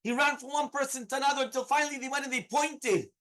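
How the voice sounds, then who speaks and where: A man's voice: extremely high pitch, steady tone, fast talker, fairly bright tone, low-quality recording. A man, a rabbi, giving a Torah lesson and telling a story in an earnest, repetitive way.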